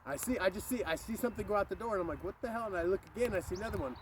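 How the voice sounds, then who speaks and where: A man telling a spooky childhood story outdoors in a rambling, animated way, swearing and breaking off for passing cars. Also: high-pitched, rapid-fire. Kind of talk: casual outdoor storytelling to camera. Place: outdoors by a street. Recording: street traffic noise behind.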